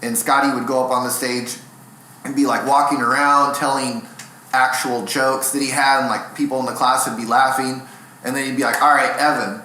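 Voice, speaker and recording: A man's voice: medium pitch, flat delivery, normal speed, pushed and bright. A young adult man, a stand-up comedian and guest in an interview, telling rambling, self-deprecating stories in a casual way. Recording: echoey room.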